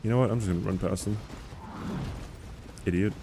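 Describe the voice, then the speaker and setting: A man's voice: on the low side, fairly even intonation, racing, creaky, warm tone, a little hiss or hum. A man streaming a game live, chatting casually and answering chat questions in a rambling, easygoing way.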